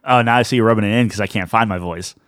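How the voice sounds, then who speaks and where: A man's voice: lowish voice, rapid-fire, a bit bright. A young man co-hosting a podcast in casual chat, talking loosely with lots of "like" and fillers. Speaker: podcast co-host.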